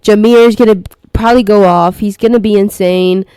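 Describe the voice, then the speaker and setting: A woman's voice: mid-range voice, steady tone, normal speed, warm tone, clear, resonant tone, no room sound. A young woman co-hosting a sports podcast, talking casually in loose slang with lots of fillers. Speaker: podcast co-host.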